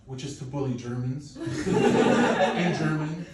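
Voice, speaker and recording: A man in his thirties, originally from Poland, doing a stand-up set with animated, profane, self-mocking storytelling. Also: a little high, unhurried. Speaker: stand-up comedian. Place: comedy club. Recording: echoey club, distant mic, faint noise.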